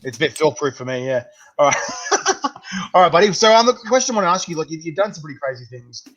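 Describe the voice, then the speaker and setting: A man hosting a casual interview, chatty and quick to laugh. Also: on the high side, big pitch swings, a bit bright. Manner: chatty, laughs often, acts out quoted voices. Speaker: podcast host. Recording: slightly dull, lo-fi sound.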